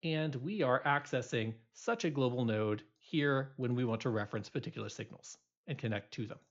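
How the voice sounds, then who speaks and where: A man's voice: medium pitch, moderate pace, muffled recording. A male instructor giving a recorded programming lecture, explaining loosely with many fillers and restarts.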